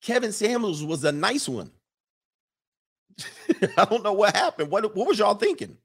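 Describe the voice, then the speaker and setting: A man's voice: sits high, sing-song, unhurried, vocal fry, husky. Teasing, boastful man on a livestream. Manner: boastful, teasing, laughs often. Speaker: YouTube livestream host. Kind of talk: casual livestream commentary.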